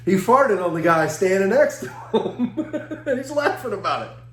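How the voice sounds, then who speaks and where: A man with a fairly high voice gives a seminar talk, spinning lively anecdotes and chuckling as he acts out what others said. The room around him is echoey and roomy. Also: unhurried. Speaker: seminar speaker.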